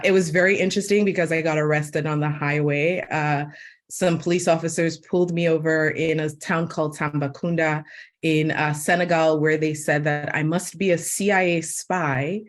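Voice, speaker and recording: Lively American-accented woman telling stories. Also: deep voice. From Sierra Leone. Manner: animated storyteller, many "like" fillers. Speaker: webinar guest, media host. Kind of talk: storytelling in a webinar panel.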